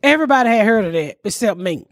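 A middle-aged woman tells stories on a podcast, blunt and profane and quick to laugh. Her voice sits at a middle pitch for a woman. The sound is dry and close, with no room in it. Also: animated, no room sound. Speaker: podcast host and comedian. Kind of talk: casual storytelling chat.

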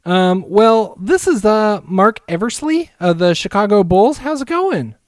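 A folksy, chipper executive, as a host puts him on, pitched a bit higher than normal and bouncing all over in tone. He makes his pitch with a polite salesman's cheer. The sound is dry and close. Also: lively intonation, a little slow, no room sound. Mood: eager. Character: chipper folksy middle-aged male team executive. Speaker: mock team executive on a trade call.

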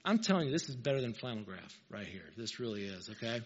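A man preaching a sermon, telling the story with animated, emphatic asides. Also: mid-range voice, fast talker, slight background noise. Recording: reverberant hall, dull lo-fi sound.

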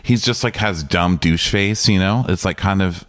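A man's voice: low voice, normal speed, a bit bright, no echo, studio quality. A man guesting on a podcast, chatting casually about a movie, playful and often laughing. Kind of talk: casual movie recap chat.

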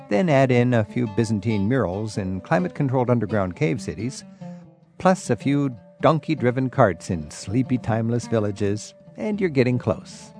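A man's voice: mid-range voice, creaky, a little mellow. Upbeat radio travel host, man. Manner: curious, upbeat interviewer. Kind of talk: radio interview and scripted intro.

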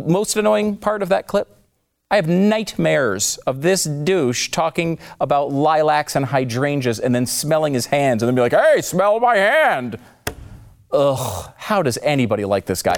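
A man's voice: a little high, darkish tone. A man hosting scripted political commentary, sarcastic and mocking with emphatic swings in delivery.

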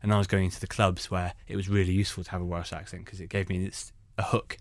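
A man, a stand-up comedian, telling anecdotes in an animated way. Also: sits low, quick pace, no room sound. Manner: animated storytelling. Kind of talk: conversational anecdotes.

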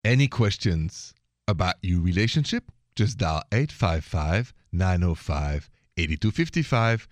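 A man with a thick French accent hosts a call-in radio show on relationships, speaking slowly and carefully in a friendly way. His voice sits on the low side and sounds close and dry. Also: lively intonation, dry recording. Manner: friendly, slow careful English with French greetings. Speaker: radio relationship advice host.

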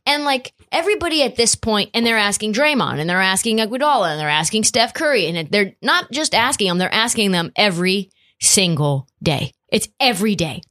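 A woman hosting a podcast, chatty and animated, with frequent "like" and casual swearing. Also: mid-range voice, a little fast. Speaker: podcast host. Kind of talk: casual commentary.

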